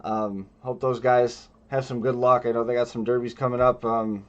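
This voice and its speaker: A man's voice: mid-range voice, little pitch movement, normal speed. A laid-back male host with a mid-range voice who steers the conversation and wraps up topics easily. His voice comes through a dull, lo-fi recording. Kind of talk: casual chat.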